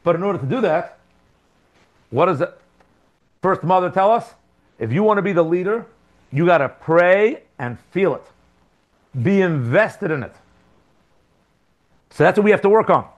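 A man giving a Torah class as a religious teacher, animated, with rhetorical questions and emphatic repetitions. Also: sits high, moderate pace, pauses often.

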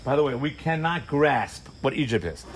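A man teaching a Torah class to a live audience, telling the story in an animated way, full of rhetorical questions and acted-out asides. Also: medium pitch, normal speed, slight background noise. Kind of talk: sermon-style Torah class.

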